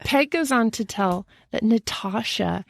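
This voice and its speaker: Brief: unhurried woman co-host with a gravelly edge, telling a spooky story to a friend. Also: a little high, no room sound. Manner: laughs at her own slips. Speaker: podcast co-host. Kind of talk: storytelling casual chat.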